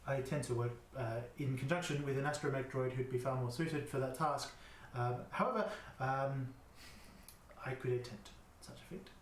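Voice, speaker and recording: A man's voice: medium pitch, moderate pace, distant mic, slight background noise, close to an everyday voice. A man doing a polite, formal droid. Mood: formal, hesitant. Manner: stiff and formal. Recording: echoey room.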